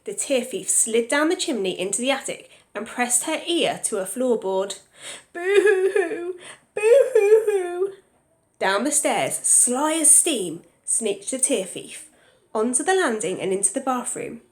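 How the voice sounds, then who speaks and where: A woman teacher reading a picture book aloud to young children, pausing to ask them questions. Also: fairly high pitch, echoey room.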